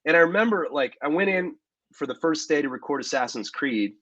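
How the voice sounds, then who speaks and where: A man, an actor as interview guest, telling stories in a relaxed way with many fillers and asides. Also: on the high side, a little fast, dry recording, lo-fi sound. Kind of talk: casual interview storytelling.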